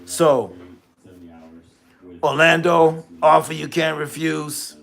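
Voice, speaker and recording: A man talks sports in a slow, unhurried way, with a voice set a little higher than most men's. He tells stories with plenty of repetition and restarts, acting out lines of dialogue in a gruff voice as he goes. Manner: animated storytelling, acts out deals with gruff voices; repeats himself, restarts. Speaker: sports show host. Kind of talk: casual sports talk.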